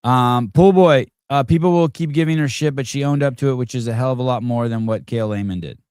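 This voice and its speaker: A man's voice: medium pitch, fast, darkish tone, clean tone, no room sound, clean studio sound. A man hosting a live stream, chatting casually in a rambling, joking way with frequent swearing. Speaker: podcast host.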